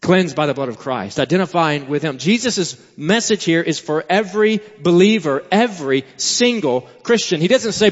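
A male pastor delivering a sermon in an earnest, emphatic way, repeating key phrases and pausing for effect. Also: on the high side, expressive, long reverb tail, highs cut off. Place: church sanctuary.

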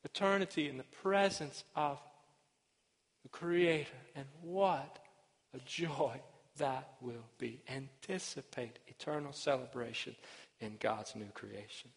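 Male pastor, earnest sermon, repeats his points, emphatic then hushed, fairly high voice, long church reverb. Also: slow pace. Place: church sanctuary.

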